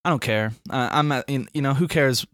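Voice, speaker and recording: A young man from Alabama, hosting a casual podcast and reading riddles in a playful, drawn-out way. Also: medium pitch, fairly bright tone, dry recording, studio quality. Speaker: podcast host.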